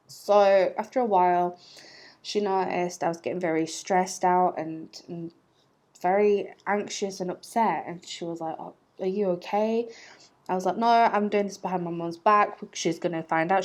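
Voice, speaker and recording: Speaking to the camera, a young female vlogger shares a personal anecdote in a lowish voice with a darkish tone. Her delivery wanders and chatters, peppered with fillers and self-mocking laughter.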